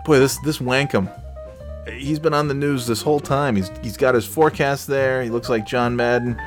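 A man's voice: medium pitch, brisk, soft background music. A man hosting a comedy podcast, rambling loosely and jokingly through the sign-off. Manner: loose, jokey, rambling with filler. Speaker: podcast host.

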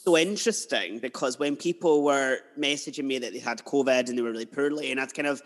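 A man's voice: mid-range voice, quick pace. A man hosting a podcast interview, chatty and emotional, drifting into personal stories. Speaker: podcast host. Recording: long hall reverb.

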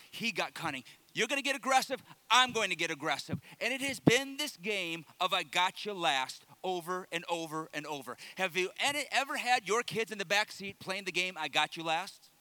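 A man preaching a sermon, retelling a story in an animated, humorous way with dramatic pauses. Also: high-pitched, no echo.

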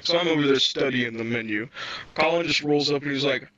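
Bright-voiced man telling a story. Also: mid-range voice, a little fast, no echo. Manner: laughs often, swears, animated retelling. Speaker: podcast co-host. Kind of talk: casual chat, storytelling. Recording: dull lo-fi sound.

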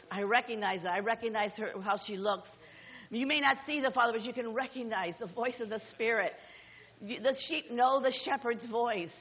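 A middle-aged woman pastor delivers an emphatic, exhorting sermon in a slightly high voice, circling back over her phrases. Long reverb trails her words through a large hall, and the recording sounds dull and muffled.

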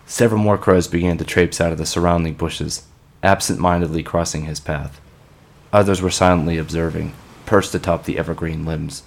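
A man giving scripted narration for an audio drama in a measured, grim storytelling manner. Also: low-pitched, steady tone, gravelly.

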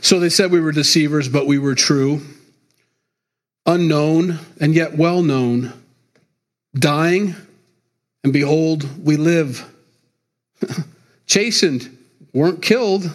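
A man's voice: on the high side, slow, long pauses. A middle-aged man preaching a sermon as pastor, talking in a loose, conversational way and chuckling between points.

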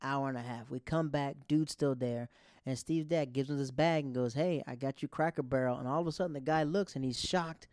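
Man, thirties, casual grieving storytelling, halting with restarts, mid-pitched, dry close sound. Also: darkish tone, smooth, no room sound. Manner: rambling, halting, with many restarts.

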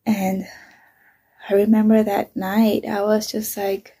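A middle-aged mother candidly tells a painful personal story, swearing often and at times dropping to a whisper. Her mid-range voice is level, slow, mellow and husky.

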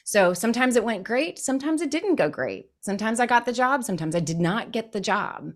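A woman's voice: a little high, sing-song, fairly quick. A middle-aged woman, a counselor and author, speaking as a podcast guest in an encouraging, reflective way. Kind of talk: conversational interview.

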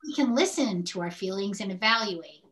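An older woman co-hosts a candid podcast conversation, telling personal stories with animation and acting out what people said. Her voice is medium-pitched, and she talks at a normal speed.

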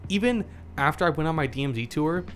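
A man co-hosting a casual podcast, telling stories with lively acted-out quotes. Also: on the high side, fast, slight background noise. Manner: animated storyteller, acts out quotes. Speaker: podcast co-host. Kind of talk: casual chat.

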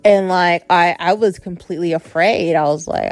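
A woman's voice: on the low side, steady tone, moderate pace, soft background music. A woman hosting a podcast, telling a story in casual, blunt and profane talk full of fillers. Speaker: podcast host.

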